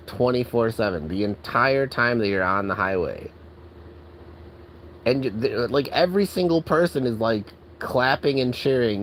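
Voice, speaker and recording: A man's voice: mid-range voice, fairly bright tone, a little hiss or hum, low-quality recording. A man ranting angrily and profanely in a casual vlog, exasperated and full of filler words. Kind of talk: angry rant.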